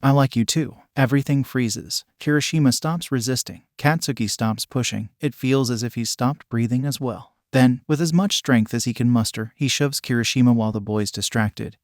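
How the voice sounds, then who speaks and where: A man narrating a fan-written story in a steady, even reading style. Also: mid-range voice, moderate pace, hardly any pauses, no room sound, studio quality. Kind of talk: scripted fan-fiction narration.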